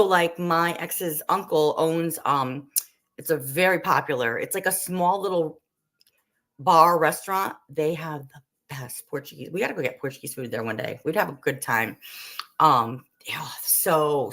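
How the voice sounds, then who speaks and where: This woman hosts a casual livestream, talking with viewers in a loose, rambling way that is full of "like" and "um." Her voice sits low for a woman. She grew up in the Northeastern United States. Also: a bit bright. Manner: rambling and chatty, heavy with "like" and "um". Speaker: livestream host. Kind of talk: casual chat while cooking, answering viewer comments.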